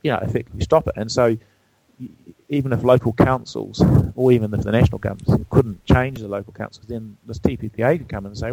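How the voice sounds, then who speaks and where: A man speaking as a guest in a casual conversation, halting, with many restarts and fillers. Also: mid-range voice, fairly even intonation, gravelly, dark tone, no room sound, poor audio.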